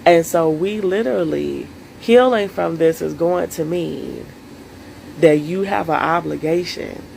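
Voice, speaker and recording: A woman's voice: fairly low pitch, measured pace, vocal fry, a little mellow, slight background noise, low-quality recording. A woman coaching viewers on self-care in a solo live stream, earnest and emotional, speaking straight to her audience.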